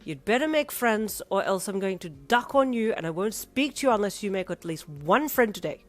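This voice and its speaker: A woman's voice: medium pitch, expressive, normal speed, pitched above the performer's own voice, lightly acted. A woman voicing a goofy, cheerful teenage best friend who teases and bosses, in a fan fiction audiobook reading. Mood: teasing. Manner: cheerful, teasing.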